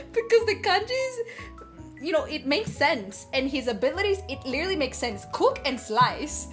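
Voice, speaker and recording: A woman's voice: high voice, big pitch swings, unhurried. A woman streamer chatting casually while she cooks, giggling often and gushing and swearing freely. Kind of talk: casual livestream chat while cooking. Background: background music.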